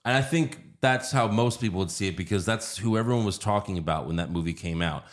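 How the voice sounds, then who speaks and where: Low-voiced man in profane movie chat. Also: fast talker. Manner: profane, animated, does mocking impressions.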